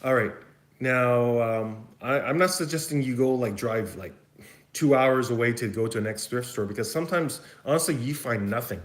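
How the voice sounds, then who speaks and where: A man's voice: medium pitch, moderate pace. A man from Vancouver with a West Coast Canadian accent, answering viewer questions in a casual, rambling live chat. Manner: rambling, chatty, thinks aloud. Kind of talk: casual livestream Q&A. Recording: echoey room.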